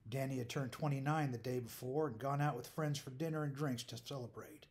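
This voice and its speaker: A man reading an audiobook as narrator, in calm, measured scripted narration. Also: medium pitch.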